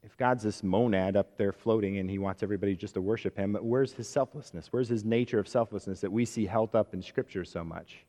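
A man's voice: on the low side, fairly quick, few pauses. Emphatic male preacher in a reverberant church. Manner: emphatic, with phrases falling soft at the ends. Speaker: pastor. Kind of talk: sermon. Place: church sanctuary.

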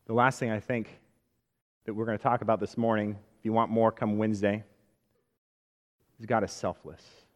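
Emphatic male preacher in a reverberant church. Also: mid-range voice. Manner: emphatic, with phrases falling soft at the ends. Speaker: pastor. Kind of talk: sermon. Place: church sanctuary.

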